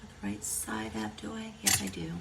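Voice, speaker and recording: A woman's voice: a little high, moderate pace, creaky. A middle-aged woman giving a casual crafting tutorial, chatty and thinking aloud as she works. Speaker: card-making instructor. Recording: distant mic, noisy room.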